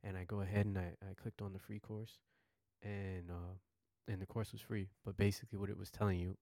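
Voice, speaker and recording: Deep-voiced guy with a gravelly edge, chatting his story out loose and excited, dry close mic. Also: a little fast, no room sound. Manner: excitable, repeats himself, restarts sentences. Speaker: podcast host. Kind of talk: casual storytelling monologue.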